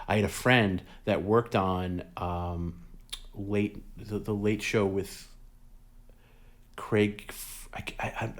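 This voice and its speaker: A man's voice: low-pitched, a little mellow. A man in his forties, hosting a show and casually telling a rambling, profane story full of restarts. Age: 40s. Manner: rambling, profane, self-interrupting with many restarts. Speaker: host.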